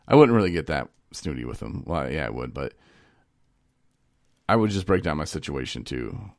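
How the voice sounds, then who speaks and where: Low gravelly man in casual chat. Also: very animated, moderate pace, no room sound, studio quality. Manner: rambling, laughing storyteller acting out phone calls. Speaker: podcast co-host.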